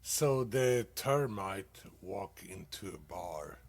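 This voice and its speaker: A low-sitting voice with lively intonation belongs to a man hosting a comedy show. He tells stand-up dad jokes in a halting, casual, profane manner, using many fillers and laughing loudly at his own punchlines.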